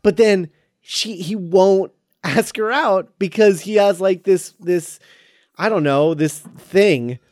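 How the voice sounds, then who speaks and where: A man's voice: sits high, slow pace, darkish tone, dry recording, studio quality. A man co-hosting a casual film discussion podcast, animatedly retelling scenes with laughs.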